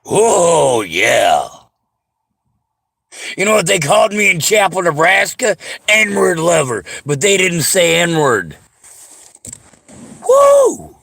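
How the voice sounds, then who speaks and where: A man's voice: high voice, lively intonation, normal speed, vocal fry, sharp tone, no echo. Sarcastic man ranting, dry sound. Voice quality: sarcastic, combative. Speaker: vlogger. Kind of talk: angry profane rant to camera.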